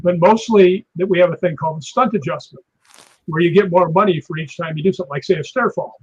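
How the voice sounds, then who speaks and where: This fast-talking man has a husky voice and is a guest stunt performer on a live program. Animated, he narrates anecdotes and voices crashes with words like "whap" and "boom," all captured in dull, low-fidelity audio.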